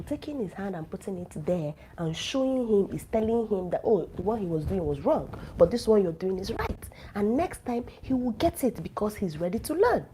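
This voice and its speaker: A woman's voice: medium pitch, mellow, slight background noise, low-quality recording. Blunt, coughing woman with a flu. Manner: blunt, teasing, lecturing directly to listeners. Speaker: relationship advice vlogger. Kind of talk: frank advice talk to camera.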